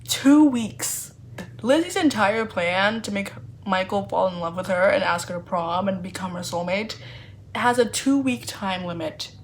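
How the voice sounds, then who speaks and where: A woman chatting casually in a book review vlog, animated and playfully sarcastic, with lots of fillers. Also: medium pitch, normal speed, slight background noise.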